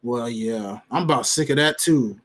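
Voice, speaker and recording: A man's voice: mid-range voice, moderate pace, a bit bright, slight background noise. A man co-hosting a wrestling podcast, chatting casually with slang and acting out quotes in funny voices. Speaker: podcast co-host.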